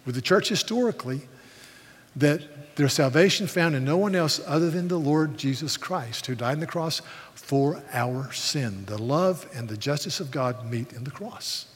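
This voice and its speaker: A man preaching a sermon as pastor, animated, often restarting words as he goes. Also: a little high, moderate pace, breathy edge. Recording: long reverb of a large hall.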